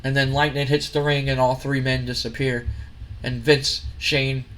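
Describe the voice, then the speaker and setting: A man's voice: mid-range voice, little pitch movement, moderate pace, a bit bright. A man hosting a gaming video, narrating a recap casually with some restarts.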